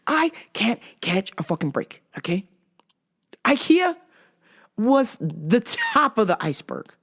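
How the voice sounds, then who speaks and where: Brief: exasperated, profane woman telling a comic story, very animated pitch. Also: measured pace, breathy edge. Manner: profane, exasperated, laughing at herself. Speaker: podcast host. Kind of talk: comedic storytelling.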